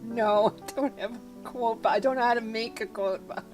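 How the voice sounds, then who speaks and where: A woman's voice: fairly high pitch, fairly even intonation, normal speed, soft background music. A woman casually livestreaming a puzzle game, chatting with viewers and her pets and laughing often. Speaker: streamer.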